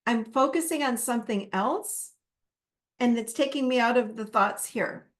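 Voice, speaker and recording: Casting: woman, fairly high voice, live self-help masterclass teacher, conversational, acts out her own self-talk. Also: normal speed.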